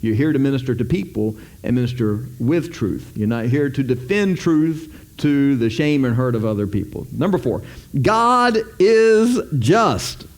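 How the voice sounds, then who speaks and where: A man's voice: medium pitch, expressive, a little slow. A male pastor preaching a sermon in a casual, joking, conversational way.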